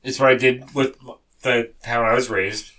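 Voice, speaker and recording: A man playing a tabletop game with friends, excitable and swearing freely. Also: medium pitch, normal speed, low-quality recording. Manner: excitable, swears a lot, laughs. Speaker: player. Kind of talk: casual tabletop game chat.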